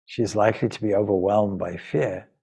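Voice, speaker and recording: A man's voice: lowish voice, steady tone, normal speed, creaky, mellow, breathy edge, highs cut off. A man, a monk and spiritual teacher, emotively retelling an ancient epic in a spiritual talk. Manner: emotive, dramatic retelling with voiced dialogue. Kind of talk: storytelling talk of a sacred epic.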